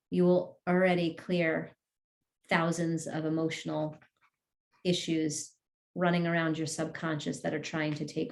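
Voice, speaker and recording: A woman leads an online energy healing class over a video call. Her voice sits a little low for a woman. She talks earnestly and slows right down to guide listeners through affirmations. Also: gravelly, echoey room.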